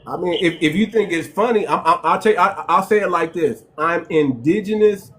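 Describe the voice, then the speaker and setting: A man's voice: sits high, fairly quick, fairly bright tone. A man hosting a live call-in stream, talking in a mocking, repetitive way and repeating himself often. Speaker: host.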